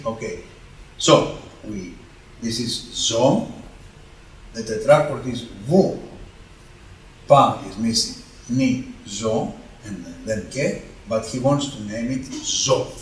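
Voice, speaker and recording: A man teaching Byzantine chant in a workshop, explaining slowly and carefully and often chanting note names. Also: medium pitch. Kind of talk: workshop lesson. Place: parish hall. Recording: roomy hall, distant mic, faint hum.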